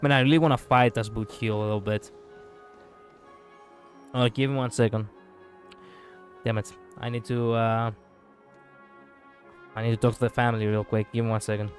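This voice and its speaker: A man's voice: mid-range voice, little pitch movement, moderate pace, long pauses, soft background music. A man casually commenting as he streams a video game, chatty and swearing as he reacts.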